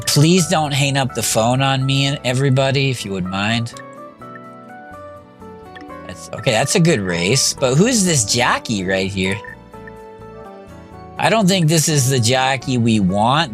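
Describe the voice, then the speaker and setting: A man's voice: medium pitch, fairly bright tone. A man streaming a video game live, talking to himself and his chat in a scattered, reactive way. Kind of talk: casual live-stream commentary.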